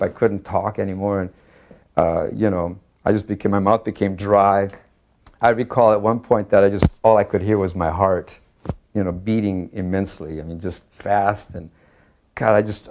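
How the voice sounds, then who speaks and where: Earnest man with a halting delivery. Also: on the low side, a little mellow. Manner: earnest, halting, many fillers and restarts. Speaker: devotee recalling a memory. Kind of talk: recorded personal reminiscence.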